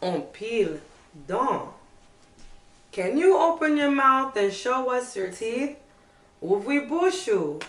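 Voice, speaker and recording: Slow sing-song preschool teacher woman. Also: fairly high pitch, echoey room, recorded from a distance. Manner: slow, sing-song and animated, with coaxing questions. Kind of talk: bilingual teaching for toddlers.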